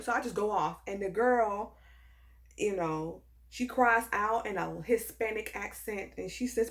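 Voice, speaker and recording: A woman telling a personal story in a casual, animated and emphatic way, full of sass. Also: medium pitch, normal speed. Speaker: storyteller vlogger.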